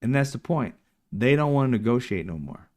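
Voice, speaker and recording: A man's voice: mid-range voice, lively intonation, brisk, darkish tone. A man hosting a casual political livestream, talking emphatically and mocking his opponents in put-on quotes. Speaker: political commentary show host.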